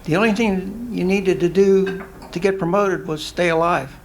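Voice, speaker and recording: A man's voice: high voice, fairly even intonation, normal speed, vocal fry, a little hiss or hum. Dry older male Vietnam veteran. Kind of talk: audience answer at live event. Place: restaurant event room.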